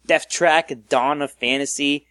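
A man hosting a casual gaming podcast, reading through a list briskly and joking with his co-hosts. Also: fairly high pitch, steady tone, pushed and bright, dry recording. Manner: reads a list briskly, jokey. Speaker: podcast host.

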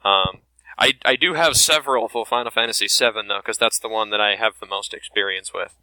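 A man's voice: lowish voice, fairly quick, pushed and bright, no echo, rough recording. A man co-hosting a casual gaming podcast, rambling and hesitant, with the odd curse. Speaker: podcast co-host.

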